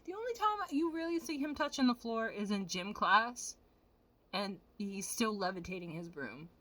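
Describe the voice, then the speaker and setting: A woman vlogger giving animated, profane, casual commentary straight to her viewers. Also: medium pitch, normal speed.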